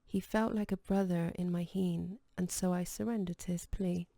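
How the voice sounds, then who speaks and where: Low, gravelly woman narrating an audiobook. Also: fairly even intonation, normal speed, dark tone, no room sound. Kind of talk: scripted narration.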